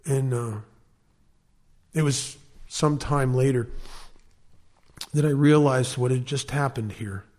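A man's voice: mid-range voice, takes it slowly, pauses often, a little mellow. A man speaking at a recovery meeting, telling his personal story in an earnest, emphatic way with flashes of wry self-mocking humor.

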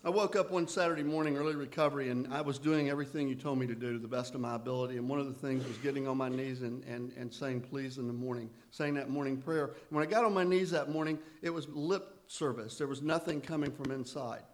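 A man's voice: mid-range voice, quick pace, hardly any pauses. A man sharing his recovery story at a meeting, in a conversational way with self-deprecating humor.

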